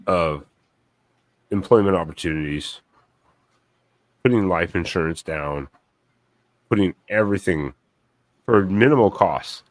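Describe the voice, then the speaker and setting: A man with a very low voice, co-hosting a casual livestream chat. He talks bluntly, swears freely and speaks in quick bursts. The recording is dry and close. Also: no echo. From United States. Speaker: co-host.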